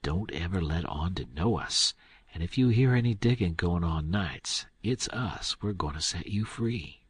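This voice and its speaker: A man's voice: sits low, expressive, unhurried, slightly rough, dry recording, heavily acted. A man voicing a clever, scheming boy who plays innocent with mock-puzzled questions. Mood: whispered. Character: Tom Sawyer, clever boy, playing innocent.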